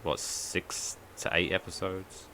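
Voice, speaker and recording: A man co-hosting a podcast in casual chat, telling stories in an animated way with swearing and asides. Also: sits low, slow. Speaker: podcast co-host.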